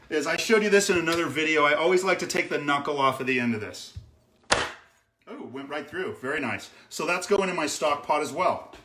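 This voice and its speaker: A man's voice: a little high, roomy sound, very noisy. A man hosting a casual live cooking demo in his kitchen, chatting with viewers and often checking in with "okay?". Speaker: chef hosting a cooking stream. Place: home kitchen.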